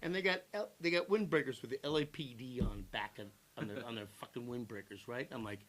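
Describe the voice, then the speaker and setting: A man's voice: medium pitch, a little fast, a bit bright. A man in his sixties, an actor telling rambling, profane anecdotes in a casual interview. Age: 60s. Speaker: actor guest.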